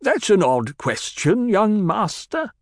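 A man voicing a sneering, fearful middle-aged male banker with a stiff, rasping drawl, in a storybook reading. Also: sits high, huge pitch swings, slow, dry recording, clean studio sound, voice pushed up, heavily acted. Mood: condescending.

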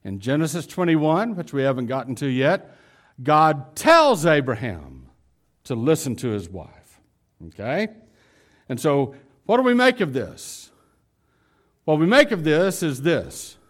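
A male pastor preaching a sermon, animated and talking straight to his congregation. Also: fairly high pitch, measured pace, pauses often. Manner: animated, acts out dialogue; addresses congregation directly.

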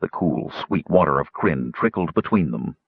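A man narrating an audiobook in a measured, expressive storytelling manner. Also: extremely low pitch, slightly rough, dry recording. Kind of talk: scripted narration. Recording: dull, dry recording.

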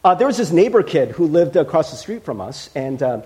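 Middle-aged male pastor, from Ohio, lively rising and falling voice, slightly high, joking sermon. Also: a little fast. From Cincinnati, Ohio. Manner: animated and joking, acting out quoted voices. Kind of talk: conversational sermon.

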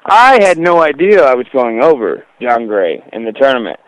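A man's voice: medium pitch, expressive, normal speed, clear, resonant tone, dry recording, rough recording. A young man, a wrestler guest, telling stories in a casual interview, rambling with lots of fillers and "dude".

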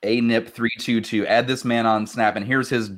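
A young man hosting a casual talk show who reads listener jokes at a quick clip, laughing often and swearing freely. His voice sits at an ordinary pitch for a man. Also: steady tone, a bit bright, a little hiss or hum. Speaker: show host.

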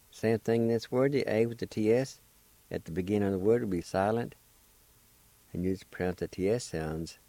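A man with a low, mellow voice teaches vocabulary on a radio program, unhurried and deliberate. He breaks words into syllables with patient encouragement. The sound is close and dry, as from a studio mic. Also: no echo. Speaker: radio language teacher and host. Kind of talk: slow step-by-step pronunciation lesson.

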